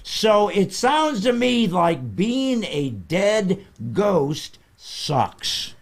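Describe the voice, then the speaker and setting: A man's voice: high voice, very animated, very slow. A man hosting a comedic interview, questioning his guest with playful mock seriousness. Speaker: comedy podcast host.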